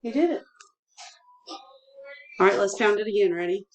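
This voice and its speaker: A woman's voice: mid-range voice, normal speed, pauses often, rough recording. A woman teacher guiding a one-on-one dictation lesson, patient and encouraging, breaking words into syllables.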